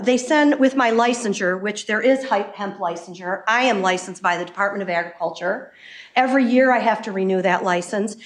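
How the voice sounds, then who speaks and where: A woman giving an impassioned public comment at a council meeting as a hemp business owner, emphatic and quick. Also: on the high side. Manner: impassioned, emphatic, fast-talking. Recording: echoey meeting room.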